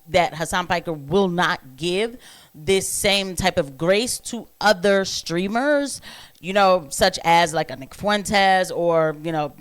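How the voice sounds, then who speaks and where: A woman talks through a clip in casual reaction commentary. Her voice sits a little low and she is loose and chatty. She drops in sarcastic asides as she goes.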